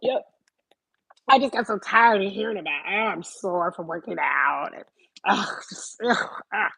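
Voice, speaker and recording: A woman ranting on a live stream, profane, animated and emphatic. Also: medium pitch, moderate pace, creaky, husky, dry recording, poor audio. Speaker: vlogger.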